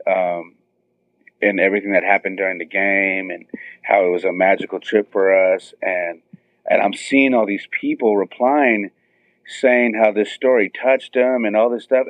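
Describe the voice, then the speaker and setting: A man in his thirties excitedly telling a story as a guest, acting out what others said. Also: dry recording. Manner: excited, acts out quotes with high squeals. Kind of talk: animated storytelling. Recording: tinny phone-line sound.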